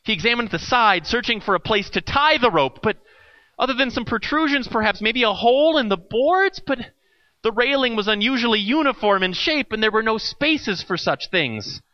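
High, lively male storyteller. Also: normal speed, dry recording, dull audio. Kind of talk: reading a parable aloud.

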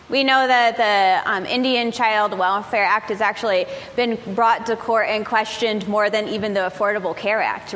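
A woman's voice: mid-range voice, fairly bright tone. A woman in her forties, a pastor giving a conversational sermon at a church service, telling a candid story with frequent laughs and fillers. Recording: reverberant hall with faint noise.

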